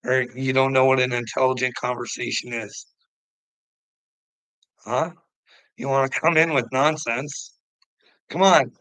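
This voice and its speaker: Guy ranting on a stream, cussing a lot, picking fights with chat, sharp tense voice. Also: medium pitch, steady tone, a little slow, long pauses, dry recording, rough recording. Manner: profane, confrontational, goading. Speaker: livestreamer answering chat. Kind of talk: unscripted ranting livestream.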